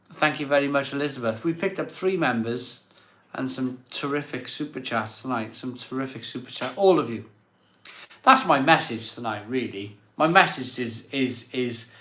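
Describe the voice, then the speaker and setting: Male live-stream host, mid-pitched, effusive and a bit choked up, repeats his thank-yous, roomy echo. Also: fairly bright tone. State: emotional, catching his breath. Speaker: live stream host reading viewer messages. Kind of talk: casual live stream chat. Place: home room set up as a virtual pub. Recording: echoey room.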